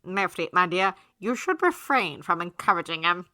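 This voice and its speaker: A woman voicing a sardonic, theatrical male demon in a fan-made audio story, speaking loudly in a posh, mocking manner. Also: on the low side, big pitch swings, normal speed, no room sound.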